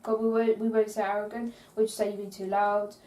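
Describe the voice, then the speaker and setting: Mellow-voiced woman, distant in an echoey room. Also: mid-range voice, little pitch movement, fairly quick. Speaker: podcast co-host. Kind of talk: casual chat.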